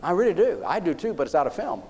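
Preaching with folksy animation, this man has a fairly high voice for his gender that rises and falls dramatically. He talks quickly, repeatedly engaging the congregation, while heavy background noise fills the recording.

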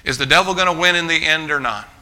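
Forceful, bright-voiced male preacher. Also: fairly high pitch, fast. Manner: emphatic preaching, often restarting phrases and calling out to the congregation as folks. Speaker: pastor. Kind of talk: sermon.

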